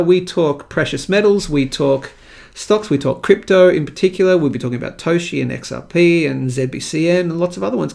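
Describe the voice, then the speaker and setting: A man's voice: sits high, creaky, darkish tone. An Australian man hosting a live stream, chatting with viewers in a playful, rambling way and joking at himself. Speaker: live-stream show host.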